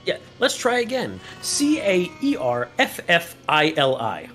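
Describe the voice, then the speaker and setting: A man's voice: a little high, unhurried, slight background noise. A man co-hosting a live sim-racing stream, teasing his co-hosts in casual banter. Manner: teasing, animated. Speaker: race commentator. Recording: music playing behind.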